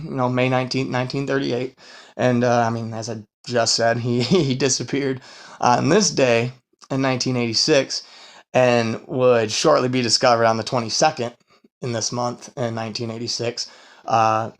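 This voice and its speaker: A man talks his way loosely through a true-crime podcast episode, swearing freely and trailing into fillers. He sounds worn out after a long work week. His voice sits at an ordinary middle pitch. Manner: rambling and profane, full of fillers and laughs. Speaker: podcast host.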